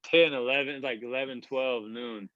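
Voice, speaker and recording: A man's voice: mid-range voice, fairly even intonation, normal speed, pushed and bright, no room sound. A man in his thirties, a podcast guest, telling a long story casually, rambling and swearing with lots of filler words. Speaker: podcast guest, basketball player. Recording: dull, dry lo-fi sound.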